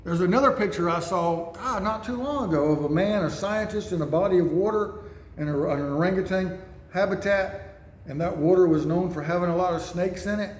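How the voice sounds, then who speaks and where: A man's voice: high voice, a little fast. A man telling rambling Bible and life stories in a conversational way, in a church building. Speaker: speaker. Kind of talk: storytelling sermon. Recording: echoey room, faint noise.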